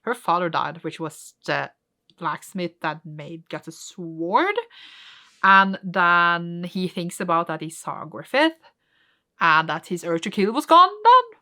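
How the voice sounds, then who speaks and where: Bright-voiced, excitable woman vlogger. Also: lowish voice, slow. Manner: excitable, swings from soft muttering to squealing gasps. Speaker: vlogger reading a manga. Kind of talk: casual reaction vlog.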